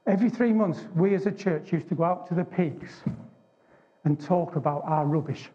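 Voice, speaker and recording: An Englishman giving an animated, emphatic testimony sermon to a men's gathering. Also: fairly high pitch, moderate pace. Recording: dull lo-fi recording.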